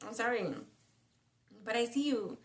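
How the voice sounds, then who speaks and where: A woman's voice: a little high, measured pace. A woman telling a personal story in a casual, rambling way, full of slang, fillers and restarts. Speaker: spiritual vlogger.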